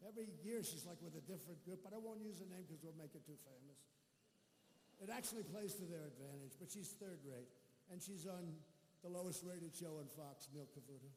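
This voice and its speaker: This campaign rally speaker has a slightly high, slightly mellow voice and talks a little fast. His speech to the large arena audience is rambling and boastful, laced with mockery, and the echoey space holds faint crowd ambience and a bit of background noise.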